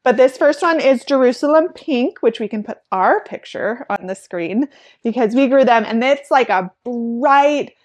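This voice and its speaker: A young woman with a slightly high voice talks casually about her farm in a how-to vlog. She is chatty and bubbly and says "like" a lot. She sounds like a friendly flower farmer sharing tips. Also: animated, unhurried, darkish tone. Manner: chatty and bubbly, with frequent "like" and laughter.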